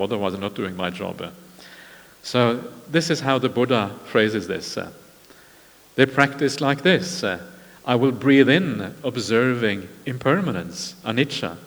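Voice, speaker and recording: A man giving a Buddhist meditation talk at a retreat, in a measured, unhurried way with frequent pauses. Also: lowish voice, a bit bright. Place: large meditation hall. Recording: long reverb of a large hall.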